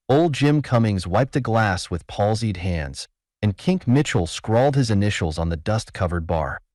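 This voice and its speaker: Low-voiced male story narrator. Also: darkish tone, no room sound, clean studio sound. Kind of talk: storybook reading.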